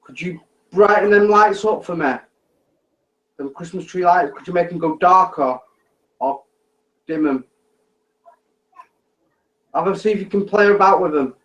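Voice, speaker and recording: A man's voice: high-pitched, measured pace, pauses often, fairly bright tone, dull audio. A man on a ghost hunt, calling out to spirits with patient, repetitive requests. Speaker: ghost hunter.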